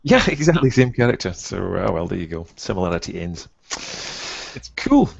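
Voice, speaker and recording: A man's voice: sits low, big pitch swings, vocal fry, slightly rough, no room sound, muffled recording. A man co-hosting a casual hobby podcast, chatting eagerly and praising what he sees. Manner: enthusiastic, quick to praise. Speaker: podcast co-host.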